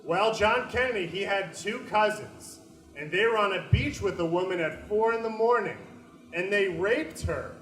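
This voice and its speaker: Man putting on a gossipy older woman, rambling, higher softer voice, echoey room. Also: moderate pace.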